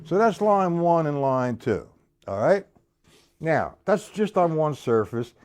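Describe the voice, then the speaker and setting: A man's voice: on the high side, very animated, slow, clear, resonant tone. A man teaching a live-streamed drum lesson, explaining accents and counting beats aloud as he plays. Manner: counts beats aloud, loud over his drumming. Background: snare drum playing.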